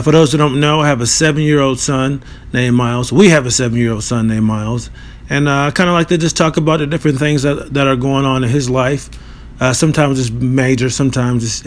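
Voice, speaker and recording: A man in his thirties with a dry, nasal voice, hosting a casual solo podcast in a loose, profane, joking and rambling way. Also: mid-range voice. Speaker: podcast host.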